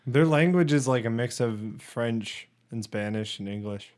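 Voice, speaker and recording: A young man on a podcast, telling stories casually in an animated way, and high while he talks. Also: unhurried. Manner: animated storytelling, laughing. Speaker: podcast co-host. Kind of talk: casual chat.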